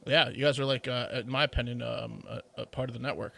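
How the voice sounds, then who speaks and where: A man chatting casually as a podcast guest, joking in quick banter. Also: medium pitch, fairly even intonation, gravelly, bright, forceful tone. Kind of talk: casual chat.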